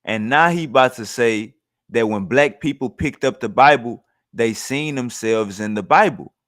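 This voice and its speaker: A man's voice: mid-range voice, moderate pace, a bit bright. A man hosting a show, reacting to a clip in casual, blunt, mocking commentary with plenty of profanity.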